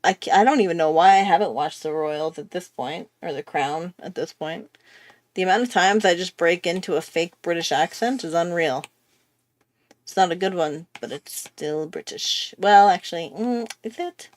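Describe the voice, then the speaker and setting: A woman's voice: fairly low pitch, normal speed, no room sound. A woman chatting casually while she draws on a livestream, self-mocking and laughing often. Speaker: artist hosting a drawing livestream. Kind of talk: casual chat while drawing.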